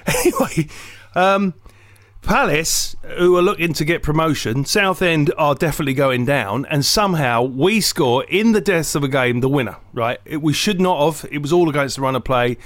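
Brisk and mid-range, this man's voice comes through a dry recording. He's an English comedian and podcast co-host who chats casually and tells comic stories, animated and digressive, full of jokes, swearing, and put-on voices.

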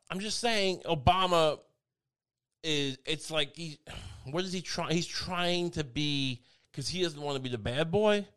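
A man's voice: on the high side, slow pace, a bit bright, clear, resonant tone. A man in casual comedic conversation, rambling through half-finished thoughts and laughing at himself. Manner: rambling, self-mocking, lots of restarts.

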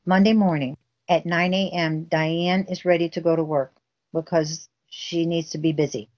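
A woman's voice: deep voice, a little mellow, lo-fi sound. A woman guest telling a family story intensely, acting out the quoted dialogue herself. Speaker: guest recounting a family case. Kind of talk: emotional storytelling interview.

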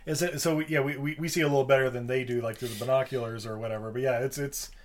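A man's voice: mid-range voice, fairly even intonation, racing. A man co-hosting a podcast, recapping a movie in casual chat, rambling and swearing with jokes. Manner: rambling, profane, joking. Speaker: podcast co-host.

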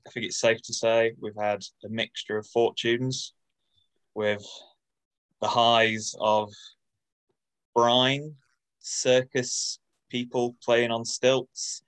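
A man's voice: mid-range voice, level tone, takes it slowly, clear, resonant tone. A man co-hosting a casual podcast, telling a story in a dry manner. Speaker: podcast co-host.

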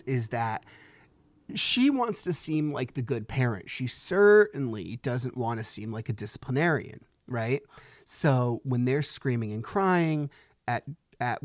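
A man in his thirties speaks on his own podcast in a middle-pitched voice, recorded close and dry. He tells the story loosely and conversationally, and a frustrated edge runs through it. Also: dry recording. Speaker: podcast host. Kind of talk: solo podcast monologue.

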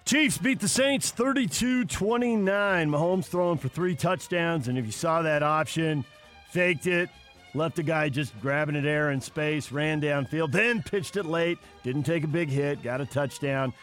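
A man hosting a sports radio show, briskly running through scores and handing off to his co-host. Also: fairly high pitch, a bit bright, soft background music. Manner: brisk, reads scores then asks co-host.

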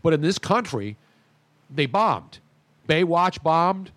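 A male talk show host with a lively, swooping delivery that sits a little high for a man. He jokes and pushes his opinions emphatically. The sound is dry and close to the mic. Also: slow pace, no echo. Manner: animated, jokey, emphatic. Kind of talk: casual sports talk banter.

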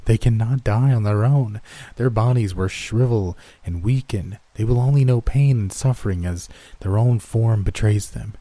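A man voicing a calm, ageless soul-taking creature in a spoken horror story, solemn and matter-of-fact. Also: on the low side, normal speed, no echo, lightly acted. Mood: explaining. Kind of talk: storybook reading.

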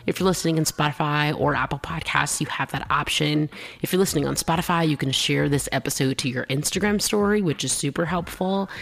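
A bubbly woman hosts her own podcast, chatting casually on her own. Her talk is loose and friendly, full of laughs and sudden high, excited jumps. Her voice keeps a gravelly edge at the bottom. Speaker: podcast host. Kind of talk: casual solo podcast chat.

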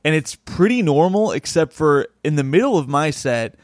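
A man with a fairly high voice tells a rambling stand-up comedian's anecdote in a relaxed podcast chat. He slips into quoting the people in his story. The sound is dry and close. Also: normal speed, no room sound. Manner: rambling anecdotal telling, acting out quotes.

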